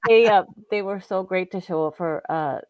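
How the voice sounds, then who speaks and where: A middle-aged woman co-hosting a show, telling stories in a giggly, chatty, excitable way. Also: lowish voice, moderate pace, noisy background. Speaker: co-host. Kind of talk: casual storytelling chat.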